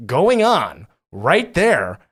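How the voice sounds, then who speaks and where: A man hosting a casual podcast interview, telling stories in an animated way and often repeating himself. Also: fairly high pitch, very slow, husky. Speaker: podcast host.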